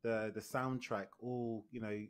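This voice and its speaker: A man co-hosting a film podcast in casual chat, agreeable and quick to react. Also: lowish voice, level tone. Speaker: podcast co-host.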